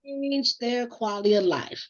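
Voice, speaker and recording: A woman's voice: fairly high pitch, a little slow. A woman co-hosting a casual group chat, talking earnestly, correcting herself as she goes and asking for feedback. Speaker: co-host. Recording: dull lo-fi audio.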